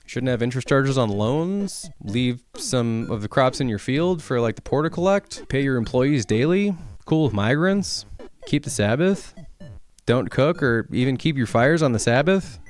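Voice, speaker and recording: A man's voice: medium pitch, lively intonation, moderate pace, faint music behind. A man giving a sarcastic, profane comedic rant, arguing back and forth with imagined hecklers and building to heated indignation. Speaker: political comedy essayist.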